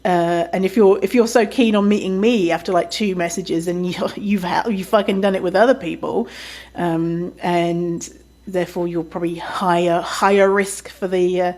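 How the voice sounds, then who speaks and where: A woman's voice: lowish voice, fairly even intonation, moderate pace, a little mellow. A woman hosting a podcast, telling a story in a casual, chatty way, swearing freely and often laughing. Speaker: podcast host.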